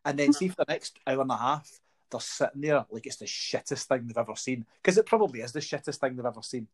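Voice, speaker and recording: A middle-aged man with a Scottish accent tells wry, swear-laden stories in an easy chat. His voice has a husky edge and sits at an ordinary pitch. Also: quick pace. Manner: wry storytelling, swears freely. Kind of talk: casual chat.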